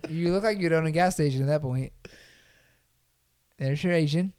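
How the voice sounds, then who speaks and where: A young man hosting a casual podcast, teasing and excitable, swearing casually. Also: fairly high pitch, normal speed, crowd noise. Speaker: podcast host. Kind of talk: casual chat.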